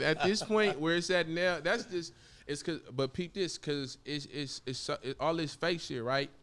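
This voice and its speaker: A young man from Oakland, guest on a casual interview, talks in loose slang and slips into quoted voices as he tells stories. His voice sits a little high for a man. He speaks like he's chopping it up with a friend. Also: moderate pace, a loud crowd. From Oakland, California. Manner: loose, animated storytelling with slang and acted quotes. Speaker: rapper guest.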